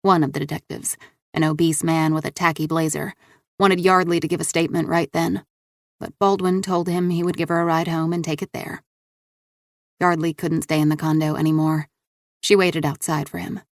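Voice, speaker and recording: A woman's voice: deep voice, flat delivery, normal speed, no echo, studio quality. Woman narrating a thriller audiobook. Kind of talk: scripted narration.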